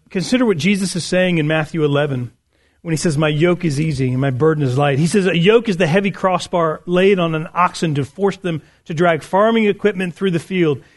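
A man preaching a conversational sermon, reading scripture aloud and explaining it. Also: fairly high pitch. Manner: conversational, with fillers and restarts. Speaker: pastor.

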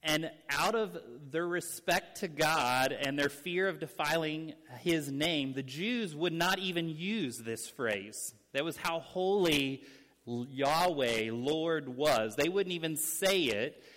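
A man delivers an earnest teaching sermon, his fairly high voice carrying through a church sanctuary. A long reverb trails each phrase as he explains and stresses key words. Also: fairly bright tone. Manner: earnest, explanatory, speeds up and slows down for emphasis. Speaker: pastor. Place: church sanctuary with young people present.

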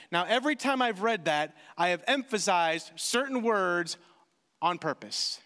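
A man preaching a sermon in a lively, animated way, acting out short voices of people as he explains his point. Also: high voice, measured pace, long reverb tail. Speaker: pastor.

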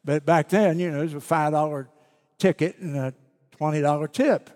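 A man preaching a sermon, telling a story slowly and reading scripture aloud. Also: a little high, steady tone, darkish tone, big-room sound. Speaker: pastor.

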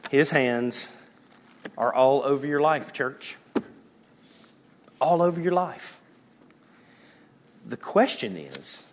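A man preaching a sermon as pastor, moving between loud calls and hushed, almost whispered lines. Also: medium pitch, big-room sound.

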